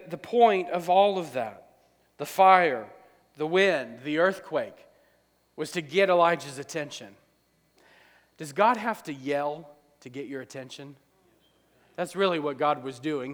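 A man preaching a sermon, acting out dialogue, swinging from loud to quiet. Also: on the high side, moderate pace. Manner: preaching, acts out dialogue, rises loud then drops quiet. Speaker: pastor. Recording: long hall reverb.

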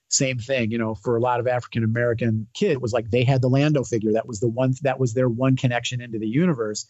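A man's voice: medium pitch, darkish tone, no room sound. Man, casual chat, enthusiastic, rambling, muffled, dry. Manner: rambling, enthusiastic, many fillers and restarts. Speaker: podcast guest.

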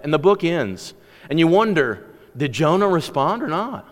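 Guy preaching, voice a bit high, long echo in a big hall. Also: big pitch swings, normal speed. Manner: conversational, building to impassioned exhortation. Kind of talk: sermon.

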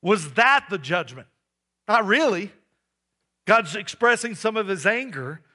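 Pastor, male, high bright voice, lively sermon delivery with rhetorical questions. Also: unhurried. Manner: animated preaching, rhetorical questions to the congregation.

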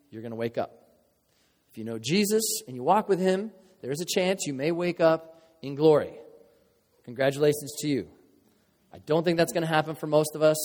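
In a church sanctuary, a male pastor delivers a conversational, joking sermon punctuated by sudden emphatic bursts. His voice is fairly high with a darkish tone, and the recording carries the long reverb of a large hall.

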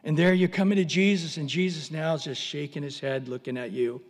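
A man's voice: on the high side, steady tone, a little fast, hardly any pauses, long reverb tail. A man preaching a sermon, telling a story animatedly and acting out voices.

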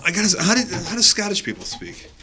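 A man's voice: high-pitched, wildly swooping pitch, quick pace, over a noisy crowd. A man guesting on a live comedy podcast, playful and hesitant.

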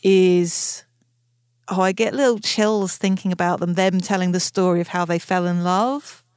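A woman's voice: lowish voice, steady tone, normal speed, a little mellow, smooth, dry recording, clean studio sound. A woman co-hosting a podcast in casual chat, talking with enthusiastic, gushing energy and quoting favourite lines aloud. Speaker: podcast co-host.

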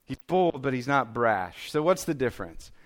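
Pastor, man, 30s; casual conversational sermon delivery, average pitch. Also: big pitch swings, moderate pace. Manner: conversational, self-deprecating preaching with frequent "okay?" and "right?".

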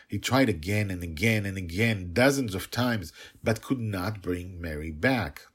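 A man reading his own serialized fantasy story in an expressive storybook narration. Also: deep voice, unhurried, few pauses, breathy edge. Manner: expressive, rising and falling for emphasis.

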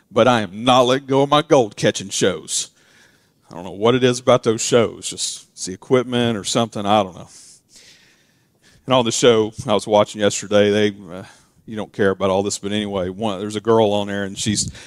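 A man preaching a casual sermon. He drifts into quiet, chatty asides and then builds to loud, emphatic peaks. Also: fairly low pitch, no echo, clean studio sound. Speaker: pastor.

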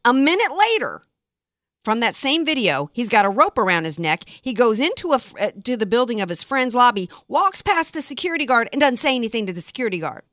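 A woman's voice: fairly high pitch, sing-song, fairly quick, a bit bright, no room sound, studio quality. Sarcastic woman talk radio host. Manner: sarcastic, indignant, mocking. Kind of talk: opinionated political talk radio monologue. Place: radio studio. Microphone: close studio mic.

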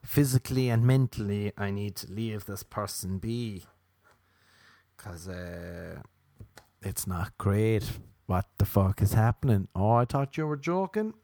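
A man telling crude, deadpan stand-up stories, acting out the quoted lines. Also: lowish voice, no room sound, studio quality. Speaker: comedian. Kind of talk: stand-up storytelling.

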